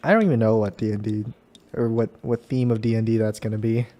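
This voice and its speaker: A man's voice: on the low side, steady tone, quick pace, mellow. A young man hosting a casual podcast, joking around with a friend. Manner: jokey, puts on silly voices and laughs a lot. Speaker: podcast host. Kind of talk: casual chat.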